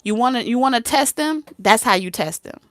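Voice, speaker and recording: In clean studio sound without echo, a slightly high, expressive woman speaks briskly. She's a blunt, streetwise tarot reader chatting to camera, frequently laughing, dropping into soft whispers and voicing both sides of an exchange.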